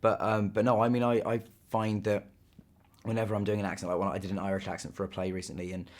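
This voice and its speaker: Fast-talking young actor, low voice. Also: male voice, flat delivery. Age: 20s. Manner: rambling, many fillers and restarts. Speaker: actor being interviewed. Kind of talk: casual press interview.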